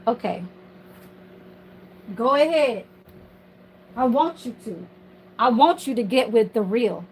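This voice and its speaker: A woman's voice: a little high, animated, slow, darkish tone, a little hiss or hum, rough recording. A woman ranting on her livestream from home in a casual, heated, profane and rambling way.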